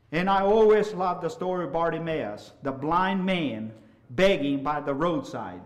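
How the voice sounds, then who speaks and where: A middle-aged man preaching a sermon, swinging from loud, impassioned hollering down to soft, quiet asides. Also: a little high, moderate pace.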